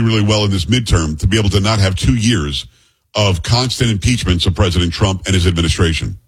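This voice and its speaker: A man's voice: lowish voice, slightly rough, poor audio. A male talk radio host in a chatty, opinionated monologue, putting direct questions to his listeners.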